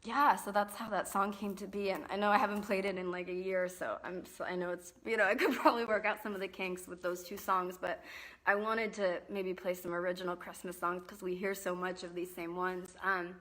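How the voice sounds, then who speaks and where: A woman's voice: on the low side, little pitch movement, brisk, a bit bright. A young woman, a singer-songwriter, chatting casually on a live stream from her home, rambling and apologizing with lots of fillers and restarts, speaking into a handheld phone. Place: indoors and outdoors at a home. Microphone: phone held in hand.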